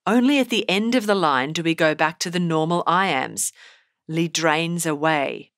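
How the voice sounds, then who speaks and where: A woman teacher giving a scripted poetry lesson in a measured, explanatory way. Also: fairly low pitch, big pitch swings, a bit bright, dry recording, studio quality. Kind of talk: scripted narration.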